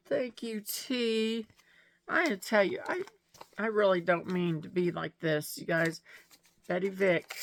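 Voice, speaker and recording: A woman's voice: on the low side, fairly even intonation, slow, vocal fry, a bit bright, no echo. A woman chatting to her viewers in a casual vlog, gushing and laughing often as she opens mail and gifts. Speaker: vlogger showing mail and gifts. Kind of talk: casual chat to camera.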